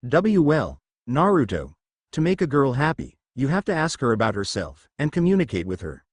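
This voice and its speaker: An older woman in charge, flustered but full of instruction, coaxing as she explains, voiced by a man reading the story. The voice stays at a middle pitch, with a close, dry sound. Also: huge pitch swings, normal speed, dry recording. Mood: instructive. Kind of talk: fan fiction story reading.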